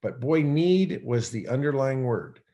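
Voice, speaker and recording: Rambling, animated male storyteller. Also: medium pitch, a little slow, lo-fi sound. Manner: animated, acts out his own past thoughts aloud; loose and rambling, heavy on fillers. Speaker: podcast guest. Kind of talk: conversational storytelling.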